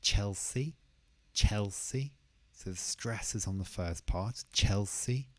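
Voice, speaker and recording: A man teaching English pronunciation, who says each word slowly and carefully and repeats it twice. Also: on the low side, darkish tone. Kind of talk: pronunciation lesson.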